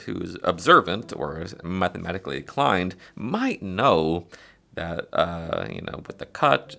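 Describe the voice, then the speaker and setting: A man's voice: low voice, gravelly, fairly bright tone. A man casually teaching a card trick step by step, with frequent fillers, counting cards aloud as he demonstrates. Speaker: magic tutorial presenter.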